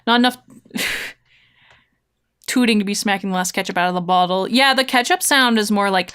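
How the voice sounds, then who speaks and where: Woman streamer, casual chat, giggly, rambling, silly sound effects, medium pitch. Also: unhurried, pauses often, a bit bright, clean tone.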